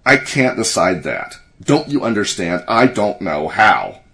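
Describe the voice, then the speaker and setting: A man's voice: low voice, expressive, moderate pace, fairly bright tone. A man voicing a troubled middle-aged father who speaks in a strained, hesitant way. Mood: furious.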